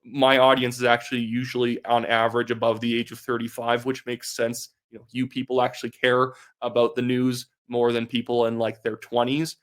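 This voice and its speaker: A young man from Canada talks politics in a blunt, sarcastic, dismissive way. His voice sits at an ordinary male pitch. His delivery is casual, and he fills it with quick "like"s. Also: completely flat delivery. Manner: fast talk with many filler "like"s. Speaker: political commentator. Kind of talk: casual opinion commentary.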